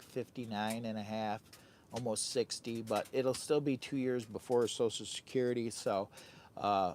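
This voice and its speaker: A man in his fifties with a Midwestern American accent, chatting on a live stream from a hot tent while camping. He rattles along fast and hyper, joking and breaking into sing-song asides. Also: mid-range voice, a little mellow, slight background noise. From United States. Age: 50s. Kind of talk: rambling live stream chat. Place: tent with a stove on a windy day, outdoors.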